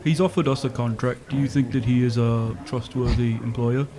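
A man's voice: medium pitch, steady tone, normal speed, a crowd in the background. Playful male player at a game table. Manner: playful, joking.

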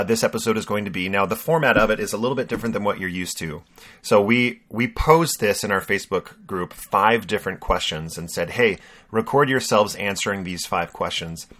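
A man co-hosts a podcast in relaxed, teasing conversation, wandering through his thoughts. His voice sits a bit low but comes across bright and forward. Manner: jokey, rambling, teasing. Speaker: podcast co-host. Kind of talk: casual chat.

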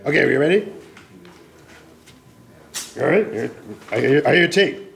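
A man voicing an excitable animal puppet who hosts a stage show in a live puppet comedy. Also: on the high side, moderate pace, creaky, a little hiss or hum, full character voice. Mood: playful. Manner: bouncy, jokey, swoops up and down. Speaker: show host.

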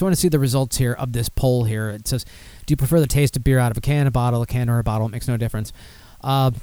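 A man's voice: mid-range voice, warm tone, no echo. Rambling man hosting a beer podcast. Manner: rambling, swears, reads listener comments aloud. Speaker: podcast host. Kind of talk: casual beer podcast chat.

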